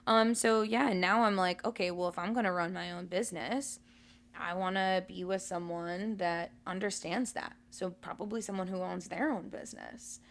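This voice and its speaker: Woman in her 30s chatting on a podcast, lowish voice with some vocal fry, thoughtful and candid. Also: fairly even intonation, normal speed. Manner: reflective, open storytelling with fillers and laughs. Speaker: podcast co-host. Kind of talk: casual conversational podcast.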